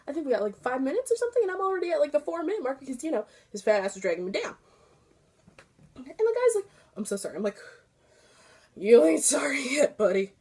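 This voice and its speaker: A young woman vlogger telling a story casually, animated and swearing freely, her voice climbing high when she gets excited. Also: quick pace.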